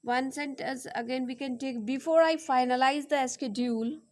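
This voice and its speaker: She teaches slowly, reading example sentences and repeating every word singly while dictating. The voice is high and the tone stays steady.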